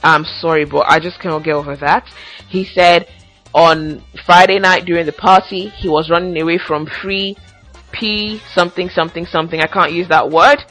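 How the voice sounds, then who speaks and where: A woman's voice: fairly low pitch, steady tone, moderate pace, fairly bright tone, faint music behind, low-quality recording. A young woman hosting a casual commentary podcast, ranting with sassy asides and recapping reality show gossip. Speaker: podcast host.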